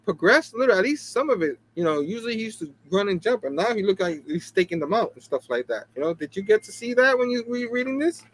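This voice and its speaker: A man with a high, lively voice that jumps all over the place hosts a relaxed talk show. He chats in a loose, animated way, laughs easily and keeps checking in with "you know what I mean". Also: quick pace, hardly any pauses. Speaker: comic book review show host. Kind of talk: casual chat.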